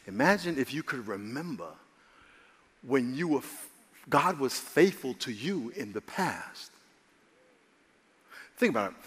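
A man preaching a sermon as a pastor, animated and calling for amens, his voice rising to excited shouts. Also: mid-range voice, slightly rough. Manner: calls for amens from the congregation. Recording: long hall reverb.

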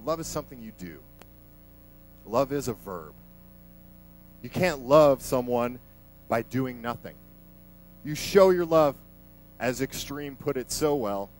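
A man's voice: mid-range voice, a little hiss or hum, low-quality recording. A man preaching a sermon in a conversational, emphatic way, vividly retelling a scripture passage.

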